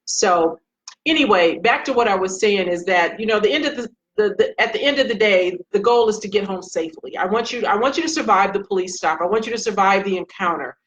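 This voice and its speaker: A woman's voice: medium pitch, brisk, lo-fi sound. Earnest woman livestreaming police commentary. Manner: direct, earnest, addresses viewers by name. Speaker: retired police sergeant and commentator. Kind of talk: casual Facebook Live commentary.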